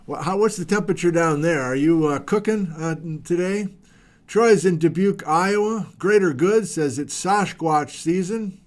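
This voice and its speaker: Middle-aged male host, a touch high-pitched, chatty livestream greeter with playful asides.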